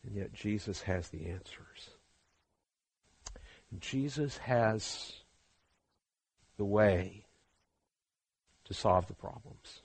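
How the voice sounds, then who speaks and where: A man preaching a sermon, swinging from hushed, slow passages to loud, fervent ones. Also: lowish voice, husky, dry recording.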